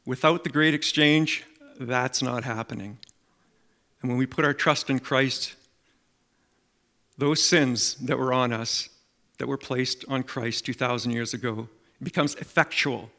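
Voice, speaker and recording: A middle-aged man preaching a sermon, telling stories and making emphatic, animated appeals to the congregation. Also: medium pitch, measured pace. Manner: animated storytelling with acted quotes and emphatic appeals.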